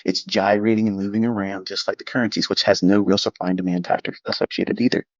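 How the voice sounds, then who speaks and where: A man's voice: on the low side, fairly even intonation, fast talker, no echo, highs cut off. A man giving a blunt, lecture-style talk on trading, dismissive of critics, swearing and repeating himself. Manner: mimics critics in quoted asides. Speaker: trading educator.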